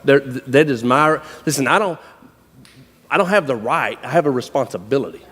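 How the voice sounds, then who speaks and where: A man with a Southern US accent, preaching a sermon as a folksy, animated storyteller. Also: a little high, fairly quick. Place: church hall. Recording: long reverb of a large hall.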